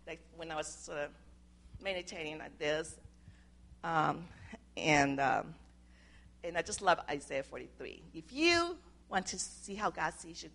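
Older woman with a gravelly, earnest voice. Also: on the low side, fairly bright tone. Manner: earnest, homely, with simple grammar slips and restarts. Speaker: speaker sharing a devotional talk. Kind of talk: informal sermon.

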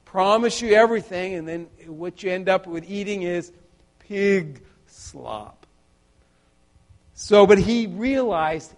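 A middle-aged male preacher with a high voice, delivering a sermon at an unhurried pace. He is earnest and halting, often restarting phrases, and keeps turning questions on his listeners. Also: expressive. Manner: halting, restarts and repeated words.

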